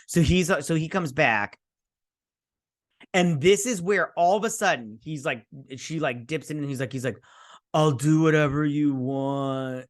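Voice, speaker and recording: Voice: medium pitch, expressive, normal speed. A host giving a casual, sarcastic recap and review of a TV episode, rambling with many fillers.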